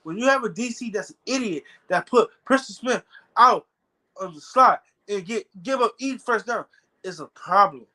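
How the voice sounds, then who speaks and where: A man's voice: sits high, lively intonation, normal speed, sharp tone, rough recording. A man ranting angrily as a football fan on his own video channel, cursing and stammering over his words. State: angry. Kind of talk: heated fan rant vlog.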